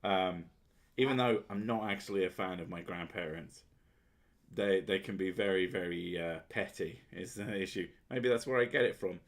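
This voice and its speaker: A man's voice: sits low, normal speed. A man hosting a casual chat, sweary and sardonic, often laughing at his own jokes. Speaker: podcast host.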